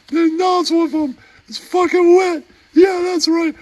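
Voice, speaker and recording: A man voicing a goofy, crude puppet man who giggles and keeps shouting a catchphrase in a puppet comedy bit. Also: very high voice, flat delivery, slow pace, voice pushed up. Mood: giddy.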